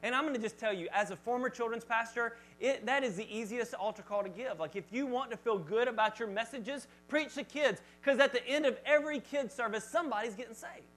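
High-voiced man preaching a lively sermon. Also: fairly quick, hardly any pauses, rough recording. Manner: lively, chatty, joking with the congregation. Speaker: pastor. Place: church service before a congregation.

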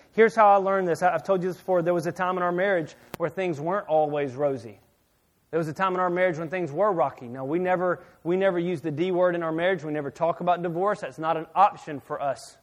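A middle-aged man preaching a sermon, telling a personal story with many repeated words, swinging between loud emphasis and near-hushed asides. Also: high voice, brisk. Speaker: pastor.

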